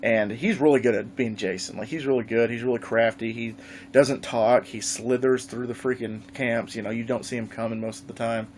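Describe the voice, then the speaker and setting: A man vlogging live, telling a gaming story in a casual, animated way and swearing freely. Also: mid-range voice, fairly quick, a little hiss or hum. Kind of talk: casual livestream chat.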